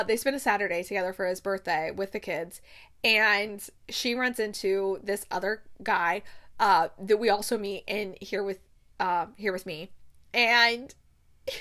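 A young woman hosting a podcast, gushing casually about books she loves, with bursts of laughter and dramatic retellings. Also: mid-range voice. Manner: gushing, excitable, breaks into laughs and acted-out quotes. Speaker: podcast host. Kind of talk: casual book review chat.

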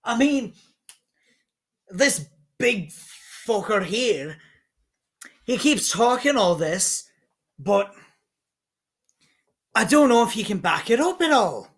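A game master voicing a hot-headed male dwarf blacksmith who brags loudly and takes offense easily. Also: medium pitch, very animated, takes it slowly, pauses often, pitched above the performer's own voice. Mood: indignant. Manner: shouting, indignant bragging.

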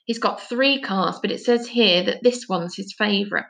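A woman voicing a nosy, eager boy in a storybook reading, teasing and excitable. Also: medium pitch, normal speed, gravelly.

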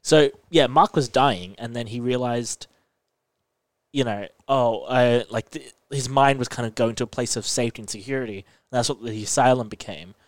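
A man's voice: medium pitch, moderate pace, no room sound. Chatty man explaining a plot. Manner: explains plot eagerly, laughs often. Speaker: podcast co-host. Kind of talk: casual chat.

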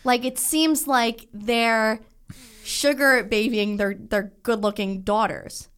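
A woman's voice: on the high side, steady tone, slow, fairly bright tone, clean tone. A woman in her twenties co-hosting a casual chat show, rambling and full of restarts.

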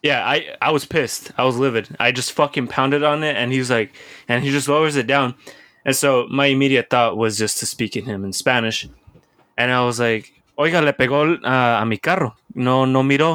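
Bright-voiced young man telling a story. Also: medium pitch, moderate pace, dry recording, clean studio sound. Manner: profane, rambling, lots of restarts and filler words. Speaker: podcast co-host telling a story. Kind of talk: casual storytelling chat.

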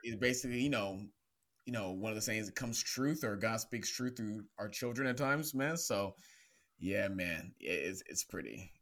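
A man's voice: fairly low pitch, expressive, normal speed, fairly bright tone. A man hosting a casual podcast chat, earnest and a little preachy, calling his guest bro and man. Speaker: podcast host. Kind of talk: casual faith-based chat.

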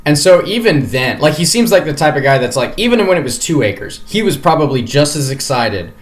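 A man's voice: fairly high pitch, sing-song, brisk. A man co-hosting a podcast, telling a story in casual chat and rambling through many fillers and restarts. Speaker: podcast co-host.

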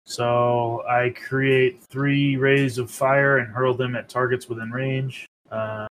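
A man's voice: mid-range voice, flat delivery, slow, fairly bright tone, a little hiss or hum, low-quality recording. A man playing a tabletop game over voice chat, talking hesitantly with many ums. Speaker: player.

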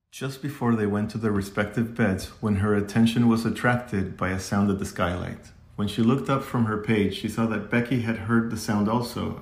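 A man narrating a children's classic as an audiobook in a steady, measured way. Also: fairly low pitch. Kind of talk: scripted narration. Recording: echoey room.

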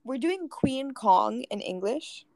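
A teenage girl with an American accent co-hosts a loose, joking podcast chat. Her voice sits a little high and sounds dry and close, with no room around it. She rambles quickly from one aside to the next. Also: lively intonation, darkish tone, no echo. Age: teens. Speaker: podcast co-host. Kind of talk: casual chat.

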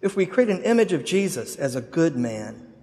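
A man's voice: fairly high pitch, sing-song, normal speed, darkish tone, in a large hall. A man preaching a sermon, telling a story dramatically. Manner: dramatic storytelling with acted quotes. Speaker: pastor.

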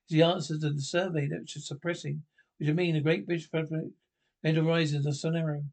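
A man's voice: a little high, little pitch movement, fast, darkish tone, close to an everyday voice. An actor playing a scornful male pundit who lectures about other people's stupidity.

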